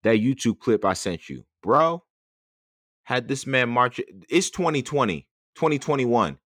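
A man's voice: mid-range voice, unhurried, dry recording, studio quality. Exasperated man ranting on a podcast. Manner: animated, exasperated ranting with many restarts. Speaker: podcast co-host. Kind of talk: casual chat.

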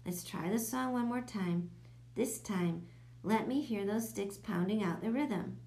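A woman's voice: medium pitch, a little slow, gravelly. A woman as a patient young teacher. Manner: gentle, patient. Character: young female teacher, patient but frazzled.

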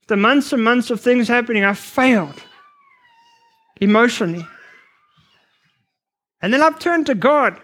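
Guy with a really high voice preaching a sermon, earnest, kinda rushing. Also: lively intonation, fairly bright tone. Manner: earnest, emphatic, rushes at times. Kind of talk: sermon to trainee missionaries.

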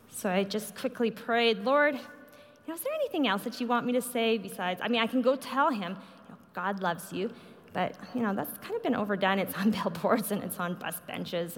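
A woman giving a sermon, telling a personal story in an earnest manner. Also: fairly bright tone. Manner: earnest storytelling, quotes others with raised pitch. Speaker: preacher. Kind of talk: sermon testimony. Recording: long hall reverb.

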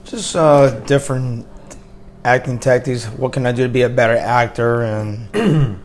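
A man's voice: mid-range voice, measured pace. Man giving short plain answers. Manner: brief, plain-spoken answers. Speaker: podcast guest. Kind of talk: casual podcast chat. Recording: faint background hiss.

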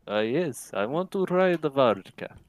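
A man's voice: mid-range voice, sing-song, measured pace, no echo. A young man co-hosting a podcast who chats in a playful, jokey way and laughs easily. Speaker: podcast co-host. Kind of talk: casual podcast chat.

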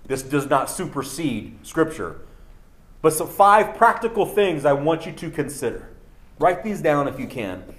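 A man's voice: fairly high pitch, big pitch swings, measured pace, a bit bright. A man preaching a sermon, earnest and building to emphatic peaks, with a cough. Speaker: pastor.

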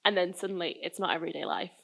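A woman's voice: lowish voice, steady tone, very fast, gravelly, a bit bright. Woman, casual group chat, chatty, lots of fillers. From UK countryside. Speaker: film discussion participant.

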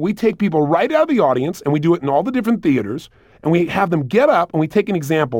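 A man's voice: fairly high pitch, darkish tone, dry recording, studio quality. A man giving a recorded self-help lecture as a motivational speaker, emphatic and repetitive, telling stories.

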